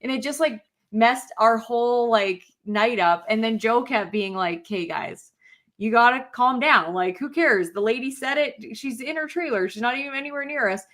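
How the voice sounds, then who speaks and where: A woman with a bright, sharp voice co-hosts a casual podcast chat. She talks in an animated way, fills her talk with "like," and acts out what people said. Her voice sits a little high. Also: normal speed. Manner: animated, many "like" fillers, acts out quotes. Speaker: podcast co-host.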